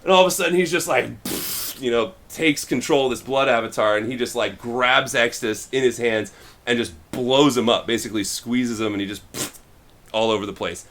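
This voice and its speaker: A man co-hosting a podcast, casually retelling a story and acting out the characters' lines in quick little voices. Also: mid-range voice, fairly bright tone. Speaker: podcast co-host.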